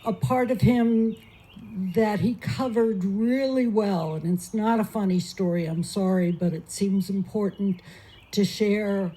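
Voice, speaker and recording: A woman delivers a memorial speech into a microphone, halting and earnest. She talks very slowly, with a warm, mellow tone at a middle pitch. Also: steady tone. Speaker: friend giving a eulogy.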